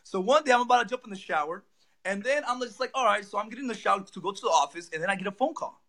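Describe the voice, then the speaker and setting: A young man telling a personal story as a guest, excitedly acting out what people said. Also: high-pitched, racing. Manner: excited, acts out quoted lines. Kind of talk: animated storytelling.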